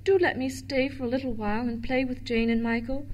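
A woman's voice: on the high side, expressive, moderate pace, slight background noise, natural voice, poor audio. A woman voicing a lonely, impish boy statue come to life, eager and pleading.

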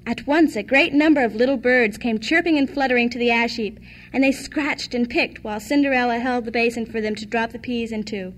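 A woman reads a classic fairy tale aloud in an even, measured manner. Her voice sits high. She paces the narration steadily. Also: slight background noise. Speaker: storyteller.

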